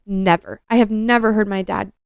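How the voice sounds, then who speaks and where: A woman's voice: mid-range voice, fairly even intonation, normal speed, vocal fry, clear, resonant tone, no echo. A young adult woman co-hosting a podcast, telling a personal story in an earnest, confessional way and often saying "like". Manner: earnest, confessional, heavy use of "like". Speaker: podcast co-host.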